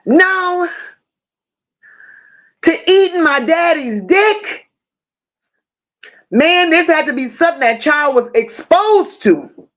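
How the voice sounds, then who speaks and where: Woman, high voice, true crime livestream host, blunt, profane, emotional, talks to viewers. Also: lively intonation, slow, long pauses, fairly bright tone. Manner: addresses viewers directly. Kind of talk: casual livestream commentary.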